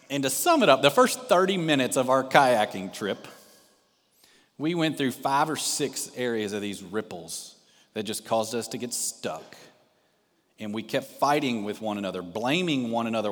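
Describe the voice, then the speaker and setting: A man's voice: medium pitch, lively intonation, normal speed, a bit bright, in a large hall. A male pastor and missionary preaching a sermon, telling a personal story and putting direct questions to the congregation. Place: church sanctuary.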